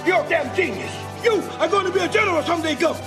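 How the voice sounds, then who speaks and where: An actor playing an army drill sergeant, shouting orders in a film clip over loud music. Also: male voice, extremely high pitch, lively intonation, fast talker. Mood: barking.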